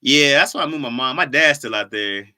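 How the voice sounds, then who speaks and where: A young Michigan man hosts a casual livestream in a mid-range voice that is brisk, bright and forceful. He reads viewer comments in loose slang and laughs a lot.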